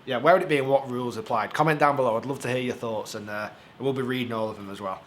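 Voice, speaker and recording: A man's voice: mid-range voice, fairly bright tone, slight background noise. Chatty young golf coach, man. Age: young adult. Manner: chatty, halting, with frequent restarts. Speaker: golf coach and show co-host. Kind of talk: casual Q&A chat.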